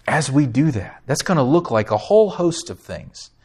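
A man's voice: medium pitch, very animated, normal speed, a little mellow, breathy edge. Emphatic male pastor preaching a sermon. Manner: emphatic, rising on key phrases, asks the congregation questions. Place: church sanctuary.

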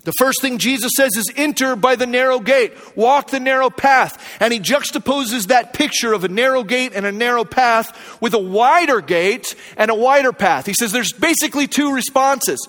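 Pastor, male, very high voice, earnest sermon delivery with hushed emphatic drops, reverberant church hall. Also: normal speed, hardly any pauses. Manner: earnest, varies pace, drops to a low hush for emphasis. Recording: long reverb of a large hall.

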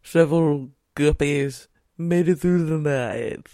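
A woman's voice: deep voice, slow, mellow, no echo, clean studio sound. A woman speaking in mock-serious tones in a comedy sketch.

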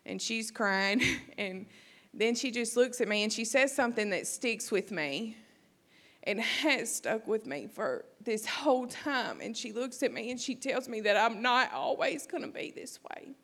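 A young woman giving an emotional personal testimony, halting, with many fillers. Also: on the high side, fairly bright tone. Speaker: testimony speaker at church.

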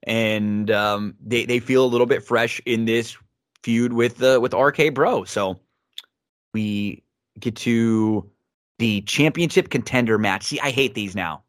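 A man's voice: mid-range voice, a little slow, dry recording, clean studio sound. A man co-hosting a wrestling review podcast, giving opinionated casual commentary with frequent restarts.

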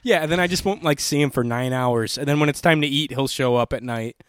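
A man's voice: mid-range voice, fast talker, clean tone, no echo, clean studio sound. A man in casual chat, rambling and swearing with lots of filler words. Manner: loose, swears a lot, rambling with many "like"s.

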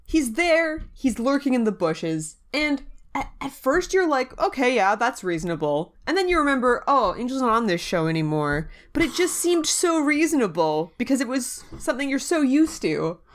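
A young woman hosting a chatty podcast, her pitch swinging high and low. She laughs often and talks in a loose, expressive way. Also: moderate pace. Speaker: podcast host. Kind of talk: casual chat.

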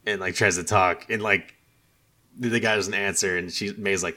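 Man, very low voice, rambling, lots of fillers, casual game talk. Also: fairly even intonation, normal speed, bright, forceful tone. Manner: rambling, filler-heavy storytelling with quoted dialogue. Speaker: podcast co-host discussing a video game. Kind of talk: casual chat.

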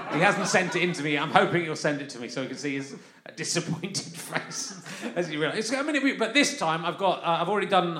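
A London man hosts a live comedy podcast, delivering a rambling, chatty monologue to an audience and often laughing mid-line. His voice sits on the high side with a fairly bright tone and a slight hiss or hum. The roomy sound of the live festival venue comes through.

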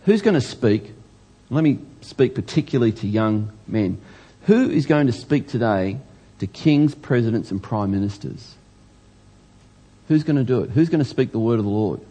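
Male preacher, sermon delivery, earnest with stammered restarts, husky and warm tone. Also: lowish voice. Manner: earnest, stammers and restarts, rising emphasis on questions.

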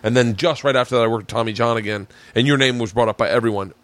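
A man's voice: medium pitch, racing, no echo. A man hosting a podcast, telling a long story with lots of swearing and acted-out quotes. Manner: animated, profane storyteller acting out quotes. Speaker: podcast host. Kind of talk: casual storytelling chat.

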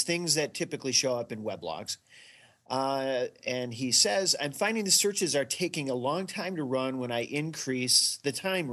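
A man co-hosts a casual tech show and reads out listener questions. His humor is dry and low-key, with an easy conversational pace. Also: a bit bright. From Chicago, Illinois. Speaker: podcast co-host. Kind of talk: casual tech podcast chat.

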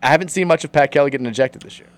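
A man's voice: a little high, slight background noise. A man in his twenties co-hosting a sports radio show, chatting casually and rambling with lots of fillers. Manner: rambling, filler-heavy, quick.

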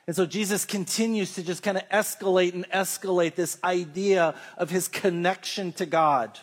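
A man preaching a sermon, telling Bible stories in a conversational way and reading scripture slowly. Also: high voice, steady tone.

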